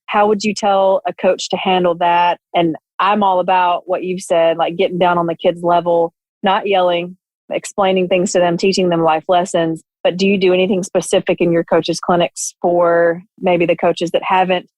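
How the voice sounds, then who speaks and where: A woman's voice: fairly low pitch, flat delivery, moderate pace, a little mellow, no echo, rough recording. A woman co-hosting a podcast who also coaches, asking long, thoughtful questions in a casual way. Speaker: podcast co-host, youth coach.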